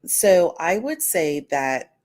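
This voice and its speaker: A woman's voice: on the low side, sing-song, takes it slowly, darkish tone. A woman co-hosting a talk show, speaking thoughtfully and hesitantly with frequent ums in casual studio talk.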